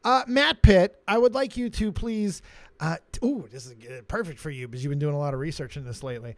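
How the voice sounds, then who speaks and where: A man's voice: a little high, a little fast, no echo. A man hosting a livestream, teasing his guests and swearing freely in casual chat. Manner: loud, teasing and swears a lot. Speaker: livestream host. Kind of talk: casual, profane stream chat.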